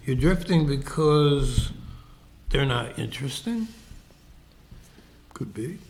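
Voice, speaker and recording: A man's voice: medium pitch, lively intonation, takes it slowly, background noise. A man co-hosting a casual podcast, talking reflectively and acting out little example exchanges. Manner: reflective, explains with examples and acted-out quotes. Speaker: podcast co-host.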